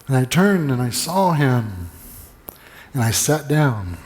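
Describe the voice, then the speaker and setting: A man preaching a sermon in an easygoing, storytelling way, with a voice of middling pitch. He often doubles his words as he restarts a thought. His voice rings with a long reverb through a church sanctuary. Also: very animated, slow pace. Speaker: pastor.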